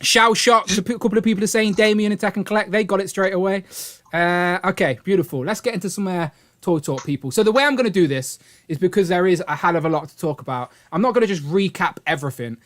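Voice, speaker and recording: High-voiced, chatty British man hosting a stream. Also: fast talker. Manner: chatty and upbeat, often laughing. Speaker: live stream host. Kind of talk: casual live stream chat. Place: home streaming setup.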